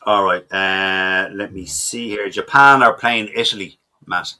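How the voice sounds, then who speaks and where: A man hosting a casual panel podcast over a video call, running through questions briskly with plenty of "uh" fillers. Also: on the low side, pushed and bright. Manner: brisk quizmaster, hesitant fillers. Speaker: podcast host.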